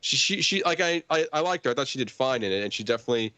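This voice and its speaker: A man's voice: medium pitch, expressive, racing, sharp tone, smooth, no room sound. A man chatting casually in a movie review podcast, rambling with many fillers and restarts. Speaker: podcast host or guest.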